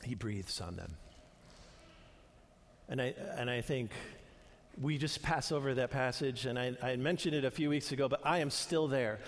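A man's voice: mid-range voice, fairly even intonation, brisk. An older man preaching a sermon in an earnest, conversational way, restarting phrases as he goes. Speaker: pastor. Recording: long reverb of a large hall.

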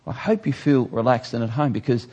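Male pastor giving a sermon in church, animated delivery with loud rises and drawn-out emphasis. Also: medium pitch. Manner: animated preaching, with sudden loud rises and slow, stressed words.

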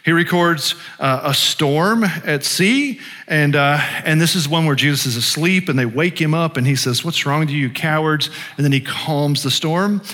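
A male pastor preaches in a loose, conversational way, dotting his talk with fillers. His voice is bright and a little high, and it rings out with a long hall reverb in a church sanctuary. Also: moderate pace. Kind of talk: sermon.

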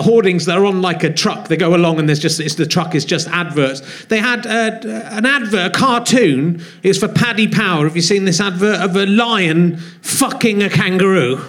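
A man hosts a comedy podcast in front of a live theatre audience. His voice sits fairly high, and he rambles through self-mocking jokes in a loose stand-up style. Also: fairly bright tone.

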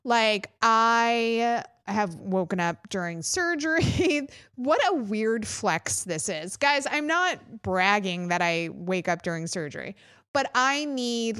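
A woman's voice: mid-range voice, animated, takes it slowly, fairly bright tone, clear, resonant tone, dry recording, studio quality. A woman co-hosting a podcast, telling a long candid story in a rambling, casual way. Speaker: podcast co-host. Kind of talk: casual chat.

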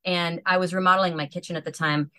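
A woman in her thirties tells a long story in a low, fairly deep voice. She is animated and full of "like" fillers, and she acts out the people she quotes. The sound is dry and close. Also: quick pace, no room sound. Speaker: podcast guest. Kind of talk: casual storytelling chat.

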